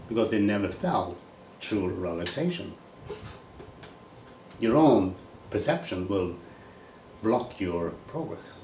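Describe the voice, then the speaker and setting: A low-pitched man with a Swedish accent holds forth in a blunt, rambling monologue, casually swearing as he goes. He is a golf coach speaking his mind. The room is echoey, with a faint hum of ambient noise behind him. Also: lively intonation, a little slow, pauses often, darkish tone, far from the mic. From Sweden.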